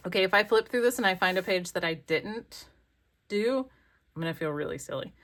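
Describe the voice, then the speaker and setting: Speaking fairly quickly in a lowish, fairly bright voice, this animated craft vlogger turns the pages of her work on a desk camera. Her commentary is a casual flip-through, full of rambling and gushing about the pieces she loves.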